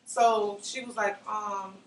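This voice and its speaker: A woman's voice: mid-range voice, fairly even intonation, slow pace. A young woman giving an emotional personal testimony, often acting out what others said. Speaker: interviewee. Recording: roomy, slightly distant mic with faint noise.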